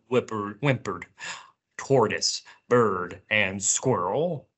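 A woman's voice: a bass voice, slightly rough. A woman reading picture books aloud and singing to young children at library story time, inviting them to join in. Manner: slow, animated storytelling, inviting kids to join in.

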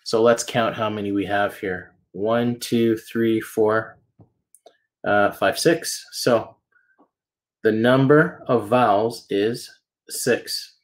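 Slow, patient male math teacher. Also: fairly low pitch. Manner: patient, step-by-step, checks in with "okay?" and "right?". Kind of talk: classroom lesson walkthrough.

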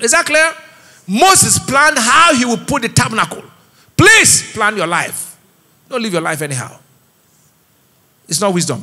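A man's voice: high-pitched, bright, forceful tone. A middle-aged Nigerian man preaching a sermon and asking the congregation to fill in his words. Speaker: pastor. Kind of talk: sermon with call-and-response. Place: church auditorium.

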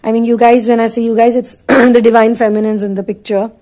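A woman's voice: fairly high pitch, little pitch movement, fairly quick, dark tone, poor audio. A woman giving an intuitive tarot reading, speaking in a rambling way with many fillers. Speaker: tarot reader.

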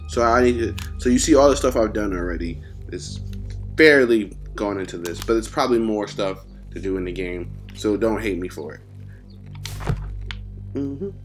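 A relaxed man chats over his gameplay in a slangy, rambling, playful way. His voice sits a little low. Game music plays clearly behind him through the whole recording. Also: moderate pace. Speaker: gaming YouTuber. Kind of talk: casual gameplay commentary.

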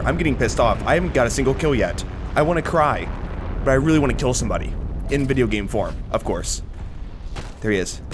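A young man giving live commentary over his own gameplay, sarcastic and swearing, with sudden high-pitched bursts of panic. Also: a little hiss or hum. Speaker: gaming commentator.

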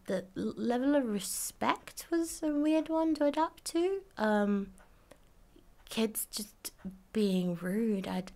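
A Jamaican woman in her twenties casually recalls her childhood in a chatty interview full of fillers and laughter. Her voice is mid-range and a little mellow, with some vocal fry.

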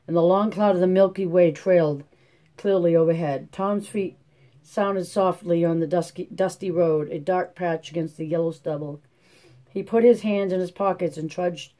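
Steady, mellow narrator for classic-novel audiobooks. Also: mid-range voice. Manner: steady, measured reading. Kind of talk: scripted narration.

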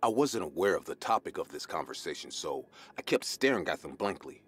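A man reading a scripted horror story in the first person, in an even storytelling delivery. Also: sits low, fairly quick, slightly rough. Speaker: narrator.

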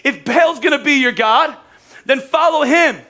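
A man's voice: extremely high pitch, unhurried, sharp tone. A man preaching a sermon as pastor, casual and conversational, with humor and acted-out quotes.

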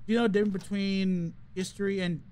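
A man's voice: high voice, steady tone, quick pace, darkish tone, clear, resonant tone. A man live-streaming a game, chatting casually and joking while he plays. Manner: chatty and joking, breaks into song. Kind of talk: casual live gameplay chat.

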